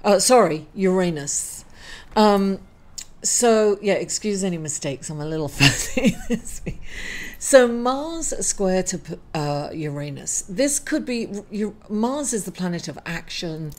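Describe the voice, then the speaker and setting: Middle-aged woman host, grieving, halting astrology talk to camera, apologetic, full of fillers and restarts. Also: mid-range voice, lively intonation, darkish tone. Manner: halting and apologetic, many fillers and self-corrections. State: grieving, emotional. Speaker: astrology reader and channel host. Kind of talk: casual weekly astrology reading to camera.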